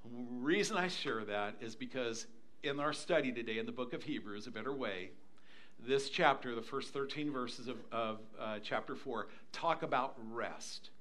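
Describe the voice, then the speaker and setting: A man's voice: mid-range voice, moderate pace. An older man preaching a sermon, telling a family story with lots of energy and acting out the voices of the people in it. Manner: animated, acts out voices in anecdotes. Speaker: pastor.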